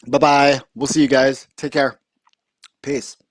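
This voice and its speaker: On his podcast, a man rambles through a funny story in casual conversation, full of fillers and restarts. He talks slowly in a medium-pitched, flat delivery, and the recording is dry.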